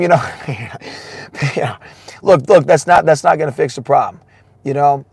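Excitable, gravelly, husky-voiced male preacher. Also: fairly high pitch, a little fast. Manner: excitable, laughing often, swinging from shouts to hushed asides, saying "man" a lot. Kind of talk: sermon.

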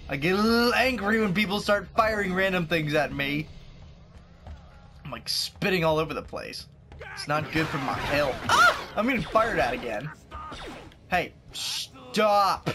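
A man's voice: high voice, expressive, unhurried, over music. A young man giving playful, joking commentary while playing a video game, talking trash at the enemies. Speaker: gaming youtuber.

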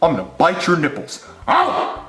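A man voicing a greedy, menacing landlord who taunts and threatens in drawn-out lines. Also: fairly high pitch, wildly swooping pitch. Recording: roomy echo with faint music.

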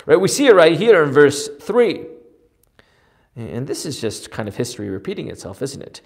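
A man's voice: on the high side, moderate pace. A man teaching a Bible study in a conversational way, often asking "right?" and restarting his sentences. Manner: animated, asks frequent rhetorical "right?" with many restarts.

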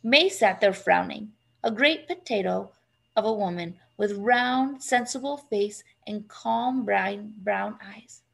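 A woman reading a children's novel aloud in a steady, measured way. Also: medium pitch, creaky, slightly rough. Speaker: reader.

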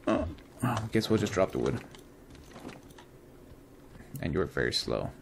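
A man hosting a casual let's-play, reacting excitedly and chatting to the creatures he tames. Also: sits low, unhurried, vocal fry, background noise. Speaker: gaming channel host.

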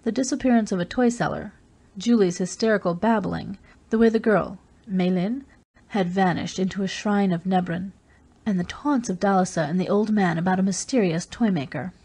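Husky woman narrating an audiobook. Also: mid-range voice, moderate pace, warm tone. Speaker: audiobook reader. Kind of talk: scripted first-person narration.

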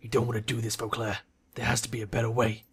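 A man doing a low, menacing shadowrunner. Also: monotone, fast, fairly bright tone, breathy edge.

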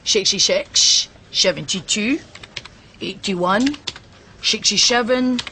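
A woman voicing a call-centre agent who imitates a famous Scottish actor, reading numbers slowly and deliberately. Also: mid-range voice, bright, forceful tone, a little hiss or hum. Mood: stiff. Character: call-centre agent doing a Sean Connery voice.

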